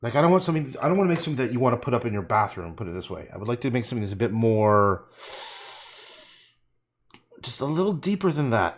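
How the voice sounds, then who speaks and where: A man's voice: medium pitch, very animated, fast talker, long pauses. A man painting on a livestream, talking casually in a rambling way, swearing and muttering to himself as he works.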